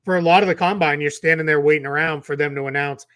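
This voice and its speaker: Rambling man with a slightly high voice. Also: steady tone, fast, a bit bright, no room sound. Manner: rambling, frequent restarts and repeated words. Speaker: podcast co-host. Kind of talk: casual sports talk.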